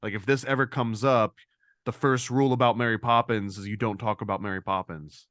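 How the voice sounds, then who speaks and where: Man, casual podcast co-host, animated delivery, dry close recording. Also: a little fast, no echo. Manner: animated, acts out quoted lines in a higher voice.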